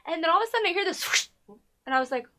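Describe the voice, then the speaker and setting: Young woman gushing over a tv episode, high voice, acts out every line. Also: racing. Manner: animated retelling, acting out characters' lines; says "y'all". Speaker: co-host of a TV recap show. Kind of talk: casual chat.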